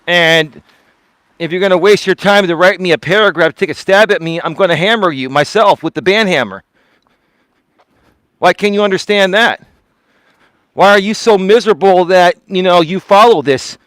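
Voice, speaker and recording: A man with a high voice lectures his live stream audience while walking outdoors. He sounds indignant and repeats his points. The sound is dry and close, with little room around it. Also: normal speed, pauses often, fairly bright tone, dry recording. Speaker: life coach streamer.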